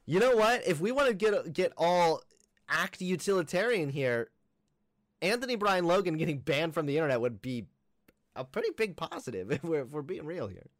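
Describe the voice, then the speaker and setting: A man's voice: a little high, very animated, normal speed, no echo, clean studio sound. A young man doing sarcastic, combative reaction commentary and arguing with a caller. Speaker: commentary streamer. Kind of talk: reaction commentary and phone debate.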